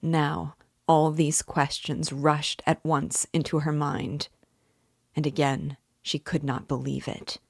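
A woman reading a classic novel aloud in a measured, steady narration. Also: deep voice, vocal fry, slightly rough, no echo, studio quality. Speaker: book reader and guide.

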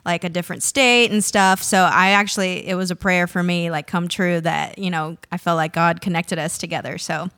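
A woman guest in a casual chat who laughs often and answers with warm affirmations. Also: fairly low pitch, steady tone, normal speed, hardly any pauses, no echo, studio quality. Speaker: guest photographer.

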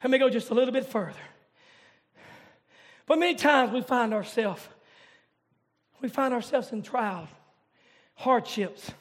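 A man preaching a revival sermon in church, shouting in a chanting, rising cadence. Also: extremely high pitch, unhurried, long pauses.

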